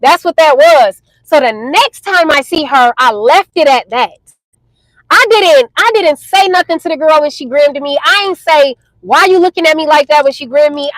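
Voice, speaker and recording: A young woman telling a high school story to her viewers in a chatty, animated way. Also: dry recording, low-quality recording. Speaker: storytime vlogger.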